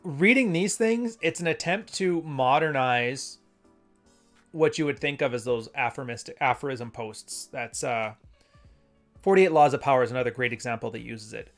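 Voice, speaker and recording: A man hosting a casual solo show, talking in a loose, rambling way and reading passages aloud. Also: medium pitch. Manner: rambling, conversational, self-correcting. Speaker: podcast host.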